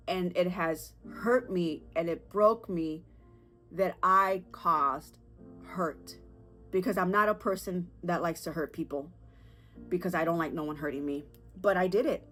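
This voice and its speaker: A woman in her thirties hosts a confessional podcast, her voice sitting fairly low as she speaks earnestly and with feeling. She stops and restarts often and says "y'all" in a way. Soft music plays faintly beneath her. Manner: emotional, earnest, halting with fillers and restarts. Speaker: podcast host.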